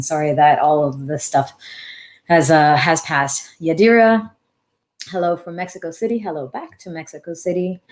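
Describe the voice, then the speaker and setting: A woman in her thirties, a dance teacher hosting a casual live-stream Q&A, talking warmly and thinking aloud as she reads out comments. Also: sits low. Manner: warm, animated, thinks aloud with restarts.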